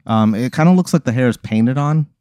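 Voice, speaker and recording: A man hosting a comedy podcast, telling an improvised scenario in a halting way, with fillers and giggles. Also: medium pitch, mellow, no room sound. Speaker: comedy podcast host running a hypothetical scenario. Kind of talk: improvised storytelling chat.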